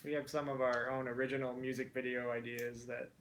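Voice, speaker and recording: A man chatting as a guest in a relaxed, easygoing way and laughing easily. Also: medium pitch, slight background noise. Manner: relaxed and amused, quick to laugh. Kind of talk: casual chat.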